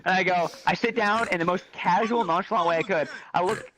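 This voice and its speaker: A man telling a comic, profane story in a lively, animated way. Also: fairly quick, background noise. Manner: animated, profane, jumps into high squeaky voices for quotes. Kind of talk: comic storytelling in a virtual chat room.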